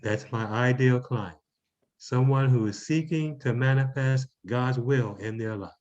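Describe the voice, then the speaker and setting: A man from Baltimore, a numerologist guest on a podcast, speaking in a measured way. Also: medium pitch, a little mellow. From Baltimore, Maryland. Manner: measured, spells out web addresses slowly. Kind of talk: podcast interview. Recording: dull lo-fi audio.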